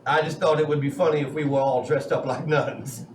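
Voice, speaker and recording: A man's voice: a little high, steady tone, brisk. A man playing a tabletop game in character, talking in a drawling cowboy manner. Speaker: tabletop player. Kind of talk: in-character role-play. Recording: roomy, distant mic, noisy.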